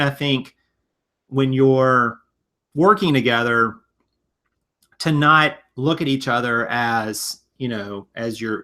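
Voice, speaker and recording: A man's voice: mid-range voice, sharp tone. A man co-hosting a casual live-stream business chat with his wife, joking and then explaining earnestly. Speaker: co-host of a live reselling business show.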